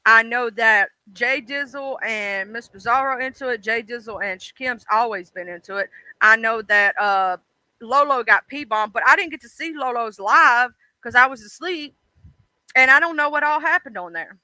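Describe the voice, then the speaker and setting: Woman streamer, casual livestream chat, blunt and swearing, sharp bright tone, dry close mic. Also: on the high side, moderate pace, no echo, rough recording. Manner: blunt, chatty, swears freely. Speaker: livestream host.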